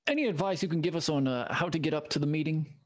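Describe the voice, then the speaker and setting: A man's voice: a little high, quick pace. Friendly hesitant male player. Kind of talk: in-character tabletop role-play.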